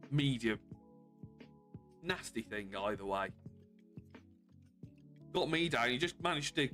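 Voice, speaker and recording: A man streaming games, chatting casually and more quietly than usual because of bruised ribs, chuckling often. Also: mid-range voice. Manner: subdued, calmer than usual, with frequent chuckles. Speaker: game streamer. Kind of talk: casual live-stream chat.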